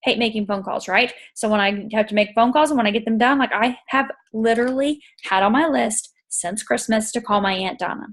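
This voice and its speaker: A middle-aged woman giving a casual motivational talk to her network marketing team, animated and cursing freely, often acting out conversations. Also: brisk, hardly any pauses. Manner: animated, swears freely, acts out exchanges in a higher voice.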